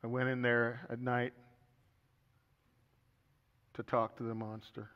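A man's voice: medium pitch, monotone, takes it slowly. A middle-aged man preaching a sermon as pastor, telling stories with humor and earnest turns. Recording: echoey hall, dull sound.

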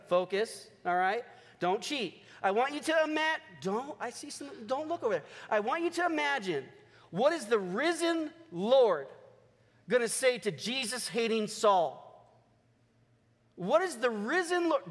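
A male pastor preaching a lively sermon to his church. He moves between slow, stressed lines and quick joking asides. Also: very high voice, big-room sound. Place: church sanctuary.

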